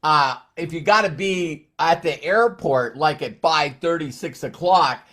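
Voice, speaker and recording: Guy doing a live motivational stream, kinda high voice, rambles n restarts a lot, running on little sleep. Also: a little slow, a bit bright. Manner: rambling, repeats words, frequent restarts. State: short on sleep. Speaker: motivational speaker.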